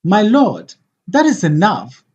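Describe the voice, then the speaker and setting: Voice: mid-range voice, huge pitch swings, takes it slowly, darkish tone, dull audio. A reader voicing an anxious queen who pleads with her husband in an urgent way, in a play read aloud. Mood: pleading. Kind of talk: audiobook play reading.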